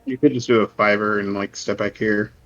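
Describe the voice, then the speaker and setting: A man's voice: on the low side, fairly even intonation, fairly bright tone, soft background music. A man playing a tabletop game, joking around and talking through his moves. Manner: jokey, quick to laugh. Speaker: player. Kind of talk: casual tabletop play. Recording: slightly dull lo-fi audio.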